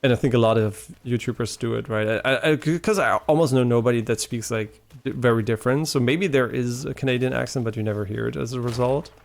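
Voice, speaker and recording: Man, live streamer, gravelly fry in the voice, rambling casual chat, answers viewers, swears. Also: medium pitch, fast, hardly any pauses.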